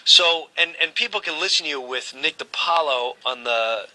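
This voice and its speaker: A man hosting an interview, asking halting questions as he searches for words. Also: medium pitch, sharp tone, low-quality recording. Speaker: host.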